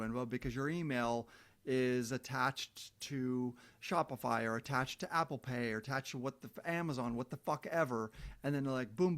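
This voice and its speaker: Profane, ranting man, slightly high voice. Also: fairly bright tone. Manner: profane, heated, emphatic. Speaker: vlogger. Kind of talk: angry rant to camera.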